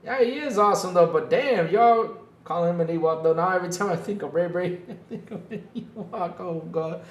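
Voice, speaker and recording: Joking around with his live chat, this podcast host has a high-sitting voice and speaks at a moderate pace in a reverberant space. He plays up mock hurt in a whiny, self-deprecating way and laughs a lot.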